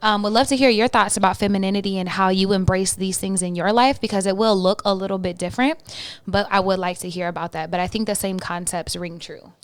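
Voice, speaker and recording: A woman's voice: mid-range voice, fairly even intonation, clean tone, no room sound. A woman with a mid-range voice hosts a podcast in easygoing, chatty conversation. She talks in a loose, friendly way. The recording is dry and close. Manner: easygoing, chatty, quick to laugh. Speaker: podcast host. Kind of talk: casual chat.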